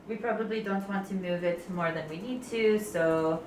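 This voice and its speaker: A woman's voice: mid-range voice, normal speed, a little mellow. A woman playing a tabletop game, talking playfully. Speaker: player. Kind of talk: casual tabletop play. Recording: roomy, distant home recording with noise.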